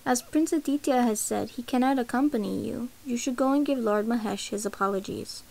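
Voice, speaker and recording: An earnest young prince, troubled but direct in how he speaks, voiced by a woman reading aloud. The voice is slightly high with a gravelly texture. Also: brisk, a little mellow.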